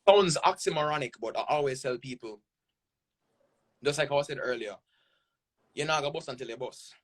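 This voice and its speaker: Here a Jamaican content creator from Jamaica guests on a podcast, his mid-range voice moving at a moderate pace. The interview talk is casual and animated, full of emphasis, with "right?" tossed in often to check in.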